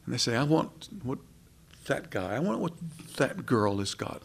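Male preacher, gravelly, impassioned delivery with sudden soft drops. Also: medium pitch, very animated, a little slow. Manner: impassioned, rising and dropping to soft. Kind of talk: sermon.

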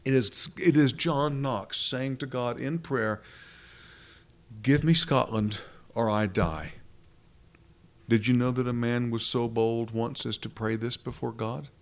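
A man preaching a sermon with a gravelly edge to his voice. He speaks earnestly and with emphasis, pressing his points home with rhetorical questions as he reads through scripture. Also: medium pitch, steady tone, moderate pace, hardly any pauses.

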